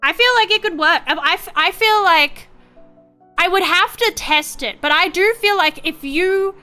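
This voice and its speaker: A young Australian woman chats loosely on a stream while drawing, her voice high and sharp-edged. She rambles, swears freely and jokes at her own expense. Quiet music sits behind her. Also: moderate pace. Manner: rambling, profane and self-mocking. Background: faint background music.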